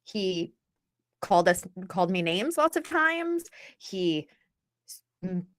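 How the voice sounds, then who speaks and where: A woman's voice: mid-range voice, big pitch swings, slow pace, no echo. A woman in her thirties, a guest author, telling a personal story in a blunt, emphatic, candid way. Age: 30s.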